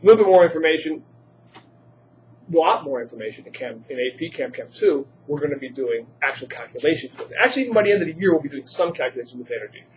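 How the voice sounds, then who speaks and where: A man's voice: a little high, expressive, quick pace, a little hiss or hum. A man teaching a chemistry class, quizzing students and joking in asides. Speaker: high school chemistry teacher. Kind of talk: classroom lecture.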